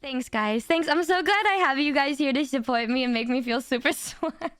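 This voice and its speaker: A young woman streamer telling a story to her chat in a casual, animated way, swearing and laughing as she goes. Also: high voice, brisk, no room sound.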